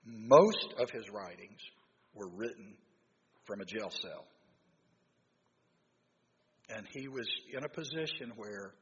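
Male preacher, conversational sermon, mid pitch, quizzes the crowd, long reverb, dull lo-fi sound. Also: a little hiss or hum. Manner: conversational, quizzes the audience, frequent restarts. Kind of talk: sermon to a live congregation.

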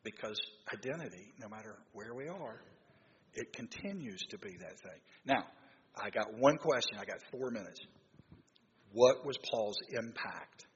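A man's voice: lowish voice, expressive, normal speed. A man preaching a sermon to a congregation, talking conversationally, quizzing the audience and often restarting his sentences. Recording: long hall reverb, dull lo-fi sound, faint noise.

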